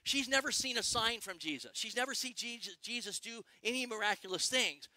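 A middle-aged male pastor preaching a sermon, excitable and animated, firing questions at the congregation. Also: very high-pitched, no room sound. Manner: excitable, quick bursts, asks the congregation questions.

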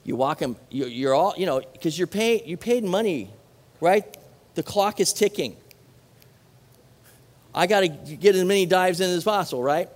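A middle-aged man preaching a sermon, animated, asking the congregation questions and dropping casual asides. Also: sits high, normal speed, long pauses, big-room sound. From Southern California. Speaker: pastor.

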